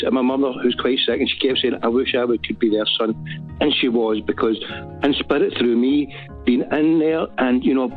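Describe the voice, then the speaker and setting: Man, Glaswegian accent, phone-in caller, fervent, rambling, tinny phone line, somewhat high voice. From Glasgow. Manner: fervent, rambling, rising to exhortation. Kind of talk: casual phone-in call.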